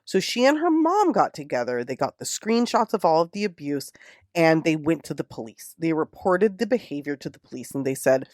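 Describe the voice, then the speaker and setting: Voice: medium pitch, a little fast, no echo. Dry-sounding, indignant true crime podcaster. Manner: indignant, profane, animated retelling. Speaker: podcast host. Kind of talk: casual true crime storytelling.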